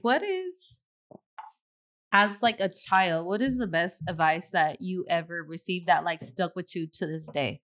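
A woman's voice: on the low side, animated, unhurried, a bit bright. A woman hosting a casual podcast chat, telling a story bluntly and swearing freely. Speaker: podcast host.

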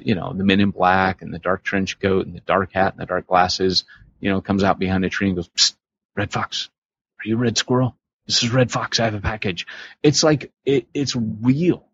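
A man co-hosting a podcast in casual chat, animated and acting out the voices he quotes. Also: fairly low pitch, breathy edge, no room sound. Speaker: podcast co-host. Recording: slightly muffled podcast recording.

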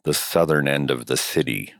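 A man with a cold and a hoarse voice, co-hosting a podcast in casual, rambling, joking chat. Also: a bass voice, moderate pace, no room sound, studio quality. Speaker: podcast co-host.

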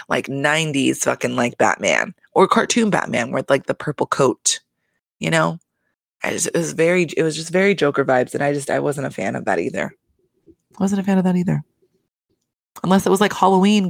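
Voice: mid-range voice, creaky, a bit bright, dry recording. A podcast host giving a chatty, opinionated recap of a reality show, swearing freely and filling with "like". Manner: chatty, opinionated, swears a lot, many "like" fillers. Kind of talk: casual reality-TV recap monologue.

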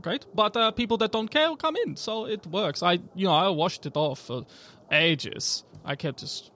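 A man's voice: high-pitched, expressive, moderate pace, sharp tone, pitched above the performer's own voice. A man voicing a cheery elf woman who runs an alchemy shop, chatty and full of little laughs.

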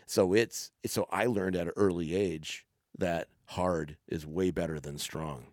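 A man's voice: low voice, fairly even intonation, a little slow, darkish tone, no echo, studio quality. A middle-aged man, a father hosting a podcast, chatting casually with his son and acting out quoted exchanges as he tells stories. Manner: storytelling, acts out quoted exchanges. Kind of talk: casual family conversation.

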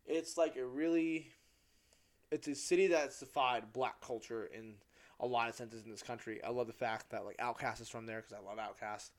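A man's voice: mid-range voice, fairly even intonation, normal speed. A young man from Southern California hosting a casual solo podcast, rambling, joking at his own expense and swearing freely. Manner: loses track and corrects himself mid-sentence. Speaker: podcast host.

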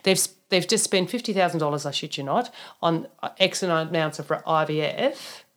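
Blunt, animated woman. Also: deep voice, moderate pace. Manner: animated, blunt, tells client stories with mild swearing. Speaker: naturopath, podcast co-host. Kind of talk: casual podcast chat.

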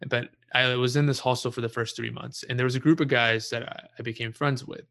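Young man, bright tone, casual storyteller, relaxed and profane, laughs at himself. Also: mid-range voice, brisk, vocal fry. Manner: relaxed, swears freely, laughs at his own story. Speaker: guest telling a story.

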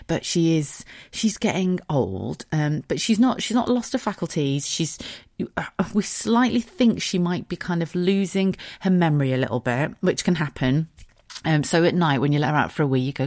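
A woman's voice: sits low, animated, moderate pace, a little mellow, no room sound, studio quality. Tearful chatty woman podcaster. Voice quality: chatty, swears freely. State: tearful, close to crying. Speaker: podcast host. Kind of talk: casual storytelling monologue.

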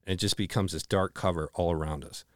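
A man co-hosting a podcast, retelling a story earnestly with halting restarts and a hushed, slowed delivery on dramatic moments. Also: steady tone, no room sound, studio quality. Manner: slows and drops to a low hush on dramatic moments. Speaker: podcast co-host. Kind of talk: casual storytelling chat.

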